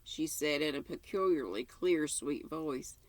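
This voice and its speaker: Gravelly older woman reading a novel. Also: sits low, unhurried, dry recording. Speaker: storyteller.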